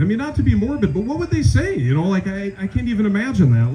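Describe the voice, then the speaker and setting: Self-deprecating Minnesotan comic, high voice. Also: male voice, big pitch swings, fast talker, few pauses, mellow, poor audio. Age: 40s. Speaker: stand-up comedian. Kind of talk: stand-up comedy set. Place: small-town event stage. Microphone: handheld stage mic, held close.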